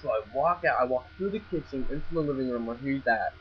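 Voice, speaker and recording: Young guy, mid pitch, telling a rambling first-person story with restarts and swearing, on a dull lo-fi recording with faint hum. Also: animated, quick pace. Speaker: vlogger. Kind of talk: casual storytelling.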